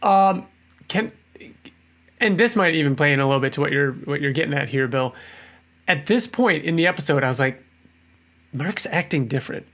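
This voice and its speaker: A man's voice: moderate pace, pauses often. A man co-hosting a podcast, chatting casually and acting out quotes in a raised voice. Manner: animated, acts out quotes in a higher voice. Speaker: podcast co-host. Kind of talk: casual chat.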